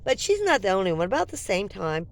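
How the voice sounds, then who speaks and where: A woman in her seventies telling a story in a casual vlog, animated and acting out both sides of the conversation, with a cold. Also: medium pitch, fast. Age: 70s. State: has a cold, coughing. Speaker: vlogger.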